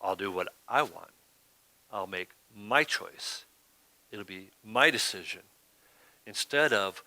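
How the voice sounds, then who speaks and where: A man's voice: fairly low pitch, unhurried, long pauses, bright, forceful tone, no echo. A man preaching a sermon as pastor, talking in a conversational way and often asking "right?".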